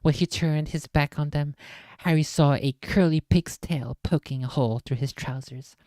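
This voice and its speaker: A low-voiced woman streamer reads a book aloud and breaks off for playful, self-mocking asides. She is close on a desk mic in a dry room with no echo. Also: moderate pace, dark tone. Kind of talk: casual reading stream.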